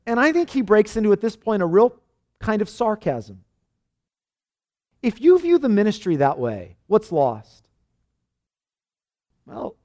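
Guy preaching hard, high voice that swings all over, really fired up. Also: wildly swooping pitch, unhurried, long pauses, a little mellow. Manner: impassioned preaching, acting out quoted voices. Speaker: pastor. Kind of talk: sermon.

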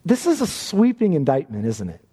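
Male preacher, high-pitched and animated, warm mellow tone, emphatic sermon delivery in a reverberant church. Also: brisk, husky.

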